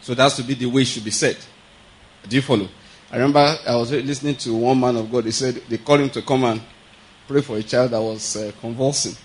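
A man's voice: medium pitch, fairly even intonation, fast talker, poor audio. A man giving a conversational sermon, laughing often and asking his listeners whether they follow. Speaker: preacher.

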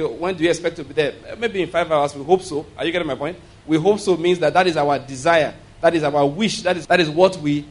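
Man preaching, fairly high voice, emphatic, asks the room if they understand. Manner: emphatic teaching, frequent "you understand?" and "all right?" checks; slows and gets louder for emphasis. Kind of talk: sermon.

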